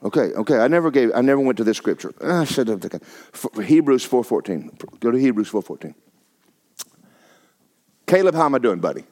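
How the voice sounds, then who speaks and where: A man's voice: medium pitch, very animated, brisk, a little mellow. A middle-aged male pastor, preaching a sermon in a folksy, emphatic way and repeating phrases for effect.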